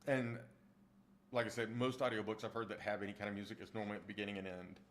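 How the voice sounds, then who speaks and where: Rambling low-voiced man chatting with viewers. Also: level tone, fast talker, slight background noise. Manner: rambling, with frequent restarts while answering chat. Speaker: streamer and audiobook narrator. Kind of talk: casual chat with viewers.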